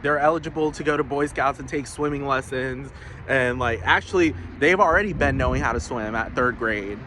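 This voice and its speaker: A man's voice: medium pitch, a little fast, sharp tone, a little hiss or hum. A man vlogging a heated, profane rant with many restarts, outdoors. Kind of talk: casual ranting monologue.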